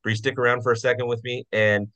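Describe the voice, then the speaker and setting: A man's voice: mid-range voice, level tone, fast, bright, forceful tone, no echo, poor audio. A man hosting a podcast, enthusiastic and jokey, repeating himself as he wraps up an interview. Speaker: podcast host.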